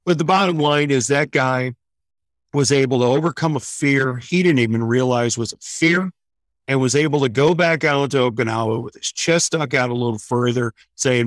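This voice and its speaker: A man's voice: medium pitch, normal speed, no room sound. A man telling a story in a casual talk on air. He acts out the people he quotes. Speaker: guest running horse programs for veterans.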